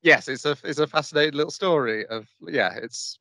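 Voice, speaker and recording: Man calmly recapping an anime plot. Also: on the high side, a little fast, no echo. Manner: steady plot recap with frequent "uh". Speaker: podcast co-host. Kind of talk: casual chat recapping an anime.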